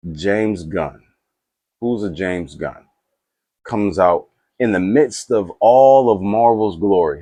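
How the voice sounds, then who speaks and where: A man chatting casually to camera about movies, rambling with restarts and asides and getting excited. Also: sits low, dry recording. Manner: animated and excitable. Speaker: movie reaction YouTuber.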